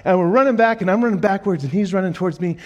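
Animated storytelling pastor, man. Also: high-pitched, racing, dull audio. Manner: animated, jokey storytelling with acted-out quotes. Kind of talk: sermon with storytelling. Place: church auditorium.

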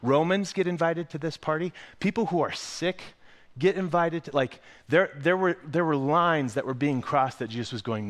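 A man preaching a sermon, telling a lively, self-mocking story with quick asides before turning to scripture. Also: on the high side. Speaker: pastor.

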